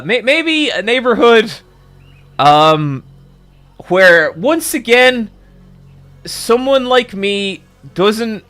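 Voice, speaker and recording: A man streamer telling a long story in a casual, animated way, swearing freely and jumping into excited exclamations. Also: high voice.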